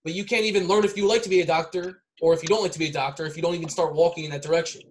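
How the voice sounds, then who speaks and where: A man with a slightly high voice lays out his ideas slowly and loosely. He repeats phrases and keeps checking in with the listener, full of fillers, in a relaxed podcast chat. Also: a little hiss or hum, poor audio. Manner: rambling, repeats himself, many fillers like "like" and "right?". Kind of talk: casual chat.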